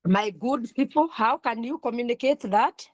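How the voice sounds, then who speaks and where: A woman's voice: on the high side, no echo. Woman lecturer, raised voice, dry close sound, repeats her points. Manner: deliberate, repeats points, asks the class questions. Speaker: counselling lecturer. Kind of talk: online class lecture.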